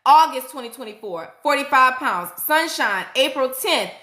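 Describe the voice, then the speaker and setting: A middle-aged woman nurse hosting a casual livestream, excitedly reading viewers' comments aloud and hyping them up. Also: high-pitched, normal speed, roomy sound. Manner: excitable, hypes viewers up, frequent "y'all".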